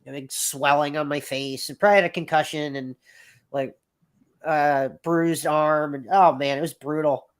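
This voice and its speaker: A man's voice: on the high side, fairly even intonation, normal speed, clean tone. Rambling, swearing man in his thirties. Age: 30s. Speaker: podcast guest. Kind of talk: casual storytelling.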